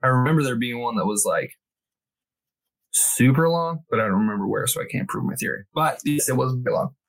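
Animated male podcast co-host. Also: medium pitch, vocal fry. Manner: lively, laughs often, quick reactions. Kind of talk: casual chat. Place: small closet.

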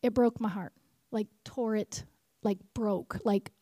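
A woman preaching at a conference, animated, repeating key lines and asking the crowd questions. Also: medium pitch, a little slow, no echo, clean studio sound. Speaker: conference speaker. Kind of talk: sermon.

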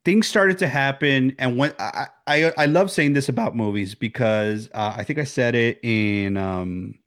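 Male podcast co-host, medium pitch, dry close sound, animated and restless delivery. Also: normal speed, no room sound. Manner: animated, acts out characters' lines, many restarts. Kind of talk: casual film discussion.

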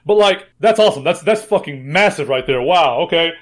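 A man's voice: fairly high pitch, lively intonation, fairly quick. A man co-hosting a casual trading podcast, rambling, joking and swearing freely. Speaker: podcast co-host.

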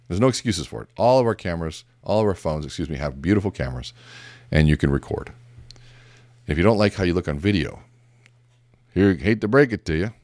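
Middle-aged guy with a really low voice, talking leadership stuff, blunt and punchy, dry close sound. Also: darkish tone, no echo. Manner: emphatic, direct, with casual asides. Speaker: business speaker on leadership. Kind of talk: conversational motivational talk with storytelling. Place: seated indoors.

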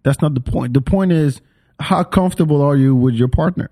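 A man's voice: fairly high pitch, fairly quick, dark tone. A man hosting a podcast in casual chat, joking and swearing and laughing often. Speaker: podcast host.

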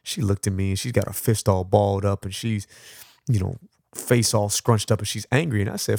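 Low gravelly man telling a story. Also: fairly quick, no echo, studio quality. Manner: animated storyteller, acts out dialogue, laughs often. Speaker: podcast host. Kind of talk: personal storytelling.

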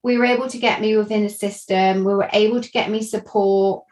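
A woman's voice: mid-range voice, fairly even intonation, a little fast, darkish tone, poor audio. Earnest woman telling her own story. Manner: earnest, reflective, with restarts. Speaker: guest sharing a personal story. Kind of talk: candid personal storytelling.

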